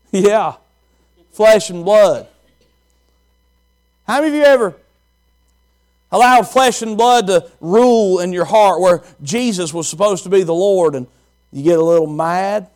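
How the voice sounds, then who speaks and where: A man's voice: high voice, a little mellow. A man preaching a sermon as pastor, repeating phrases and asking the congregation questions.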